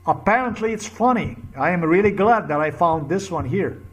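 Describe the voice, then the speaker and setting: A man speaks in a fairly high voice, ranting to camera in a heated monologue. He circles back over the same phrases again and again, and his anger breaks out into crude bursts. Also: expressive, normal speed. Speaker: vlogger.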